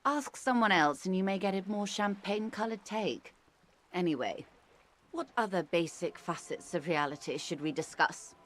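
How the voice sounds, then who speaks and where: A woman voicing a worldly, wry older woman in a video game, arch and measured, explaining things with dry irony. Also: fairly low pitch, fairly bright tone, natural voice. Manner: arch, measured, dryly ironic.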